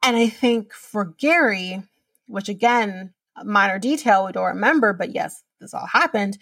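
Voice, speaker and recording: A woman's voice: medium pitch, moderate pace, gravelly, fairly bright tone, no room sound, distant mic. A woman hosting a podcast, recapping a reality show in a chatty way, swearing casually and using lots of fillers. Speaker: podcast host.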